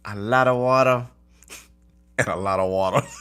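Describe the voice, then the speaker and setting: A man's voice: medium pitch, a bit bright, clean tone. A man who reads tarot, chatting casually with his viewers, often asking "okay?" and laughing at his own stumbles. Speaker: tarot reader. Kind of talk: casual livestream chat.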